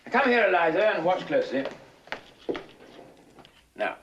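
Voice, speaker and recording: A man's voice: sits high, big pitch swings, normal speed, a bit bright, lo-fi sound, slight background noise. An actor playing an imperious phonetics professor, drilling his pupil in a theatrical, lecturing, exasperated way. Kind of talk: 1960s film musical acting.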